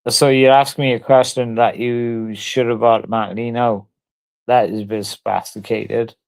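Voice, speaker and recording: A man's voice: mid-range voice, little pitch movement, moderate pace, vocal fry, a little mellow, dry recording, rough recording. A drunk man, ranting on a livestream in a profane, rambling and repetitive way. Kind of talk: angry livestream rant.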